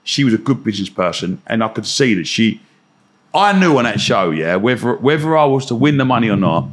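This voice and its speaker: A man's voice: medium pitch, big pitch swings, brisk. A man talks as a podcast guest, in a mid-range voice. He tells his stories bluntly and in plenty of slang, swearing freely and laughing along. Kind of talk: casual podcast chat.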